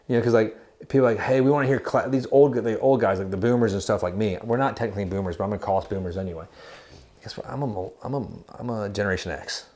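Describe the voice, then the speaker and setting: A man's voice: on the low side, fast, a little mellow. A man in his forties co-hosting a casual music chat, giggly and rambling, full of fillers and restarts. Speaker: podcast co-host.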